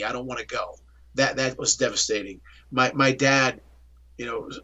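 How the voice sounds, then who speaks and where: Man, middle-aged, interview guest, bright voice, animated storyteller, acts out dialogue. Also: medium pitch.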